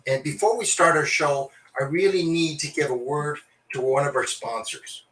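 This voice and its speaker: Canadian male host, higher voice, jokey storyteller, roomy mic from a distance. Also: normal speed, hardly any pauses, a bit bright. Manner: jokey, mimics callers and accents. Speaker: comedy show host. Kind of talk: stand-up style storytelling with put-on voices. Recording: roomy sound from away from the mic.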